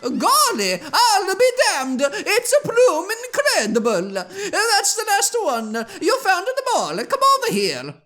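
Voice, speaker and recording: A man voicing a jolly middle-aged male ranch owner in a game, in a squeaky falsetto with hooting laughs. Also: wildly swooping pitch, takes it slowly, hardly any pauses, sharp tone, full character voice.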